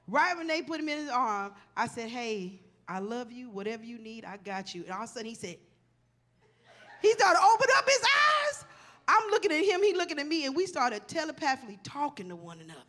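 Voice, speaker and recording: High, bright-voiced profane woman comic. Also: quick pace. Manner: profane, animated, talks straight to the audience. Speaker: stand-up comedian. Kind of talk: stand-up comedy storytelling.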